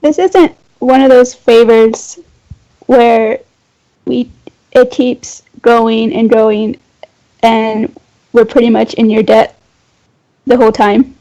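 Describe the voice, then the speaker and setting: Woman player talking slow, warm dark voice, hesitant. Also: fairly high pitch, fairly even intonation, poor audio.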